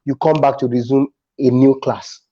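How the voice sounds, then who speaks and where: A man with a Nigerian accent, a comedian chatting as a guest and telling stories with animated restarts. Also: mid-range voice, normal speed, dull audio. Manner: animated storytelling with frequent restarts. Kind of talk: casual interview chat.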